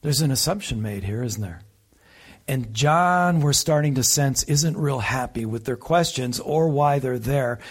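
A man preaching a conversational sermon, teaching a Bible passage with emphasis and rhetorical asides to the listeners. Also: medium pitch.

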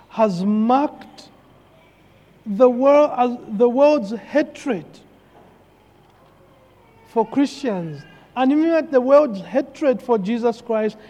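A man's voice: very high voice, warm tone. A man preaching a sermon, emphatic and repeating key phrases for weight. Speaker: pastor. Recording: long hall reverb.

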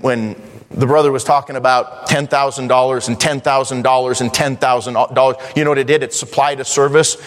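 A man preaching a sermon as pastor, reading scripture in slow King James cadence and breaking into rising emphasis. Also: medium pitch, fairly bright tone. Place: church sanctuary. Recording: long church reverb.

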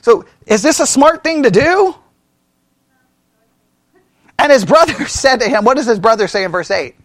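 A man teaches a Bible study in a bright, very high voice that leaps up and down as he talks. He keeps it animated, laughs often and throws questions to the group. The sound is close and dry, with no room echo. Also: normal speed.

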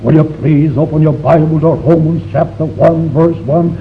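A man's voice: fairly high pitch, steady tone, normal speed, a little hiss or hum. A man teaching a Bible study to a live class, emphatic and full of rhetorical questions. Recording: dull lo-fi recording.

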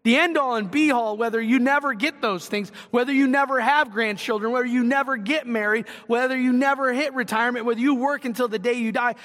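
A man's voice: extremely high pitch, brisk, hardly any pauses, a bit bright, long reverb tail. A man preaching a sermon as pastor, earnest and conversational, building to passionate emphasis.

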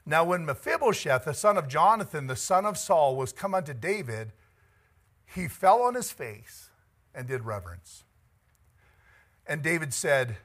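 A man's voice: on the high side, very animated, measured pace, pauses often, fairly bright tone. A middle-aged man preaching a conversational sermon as pastor, chatty and joking, laughing often and moved by the text.

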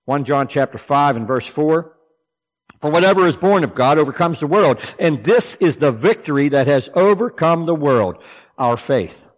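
A man preaching a sermon, swinging between loud, emphatic declarations and low, hushed asides. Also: lively intonation, unhurried, in a large hall.

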